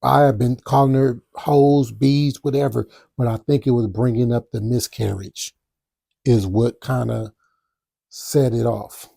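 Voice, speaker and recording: Gravelly-voiced man telling a story. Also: medium pitch, unhurried, no echo, studio quality. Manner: animated, with spoken sound effects. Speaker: podcast host. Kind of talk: casual storytelling.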